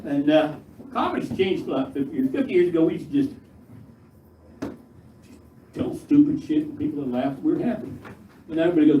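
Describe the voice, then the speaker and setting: High-voiced older male stand-up comic. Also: animated, fairly quick, pauses often, lo-fi sound. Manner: rambling, crude, self-mocking, with quoted voices. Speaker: stand-up comedian. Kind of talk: stand-up set. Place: comedy stage in a large hall. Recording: echoey hall, mic at a distance. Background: loud laughing crowd and room noise.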